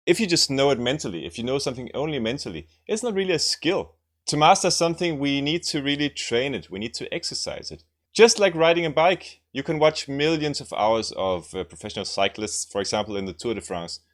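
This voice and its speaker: A man teaching language lessons, explaining grammar and repeating example sentences, often checking in with "right?". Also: mid-range voice.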